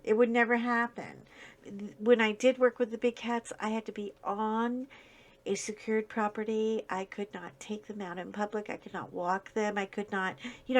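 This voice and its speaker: Chatty woman host, casual storytelling with lively swings. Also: on the high side. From United States. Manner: chatty storyteller, animated, wandering asides. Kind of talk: casual chat while coloring.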